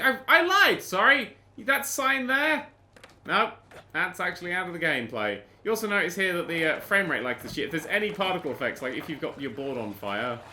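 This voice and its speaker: A man's voice: sits high, sharp tone. A British man giving sarcastic, sweary commentary while playing a game, exasperated and ranting. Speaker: gaming YouTuber.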